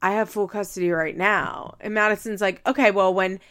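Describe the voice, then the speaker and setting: A woman's voice: mid-range voice, fairly even intonation, a little fast, fairly bright tone. A woman hosting a podcast, recapping a reality show in casual chat, laughing often and acting out the quoted lines. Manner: chatty, laughing, acts out quotes. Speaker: podcast host.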